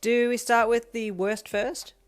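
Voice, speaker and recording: A woman voicing a playful, energetic teenage girl who talks loudly and teases. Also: a little high, unhurried, pitched above the performer's own voice, close to an everyday voice. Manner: bright, loud and teasing.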